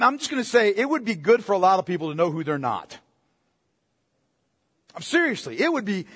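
A middle-aged man preaching a sermon in an animated, conversational way, asking listeners direct questions. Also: extremely high pitch, husky, in a large hall. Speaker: pastor.

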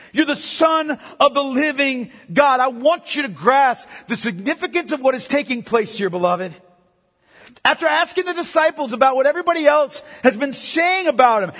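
Male pastor, very high voice, emphatic sermon delivery with loud and hushed swings, long hall reverb.

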